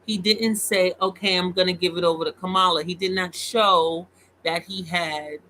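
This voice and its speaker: A host giving casual, opinionated commentary on politics, animated and mocking. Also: female voice, lowish voice, normal speed, slight background noise, low-quality recording. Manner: opinionated, animated, mocks voices. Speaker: commentary vlogger.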